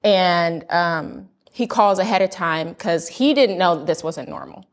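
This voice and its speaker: A young adult woman from the United States telling a personal story in a candid chat, earnest and animated. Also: fairly low pitch, measured pace. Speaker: panel guest sharing a birth story.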